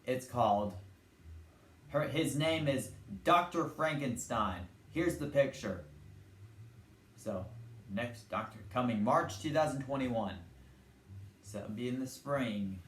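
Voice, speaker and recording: A man's voice: mid-range voice, lively intonation, takes it slowly, long pauses, fairly bright tone. A young man hosting a casual vlog. He rambles and wanders between topics, retelling cartoon scenes and briefly putting on character voices. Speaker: channel host. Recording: echoey room with faint ambient noise.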